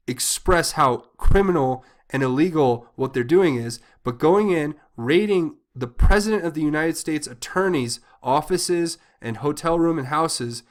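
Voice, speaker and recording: A man with a slightly raised pitch delivers an impassioned commentary monologue. He sounds indignant and exasperated, stumbling over restarts and repeating words as he presses each point. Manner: agitated, indignant, repeats himself with many restarts. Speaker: political commentary channel host.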